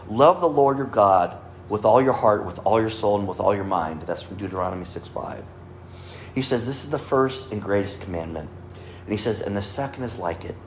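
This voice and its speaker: A man's voice: on the low side, slight background noise. A man preaching a sermon, earnest, quoting scripture and lifting or dropping his voice for emphasis. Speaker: pastor. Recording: echoey room with faint ambience.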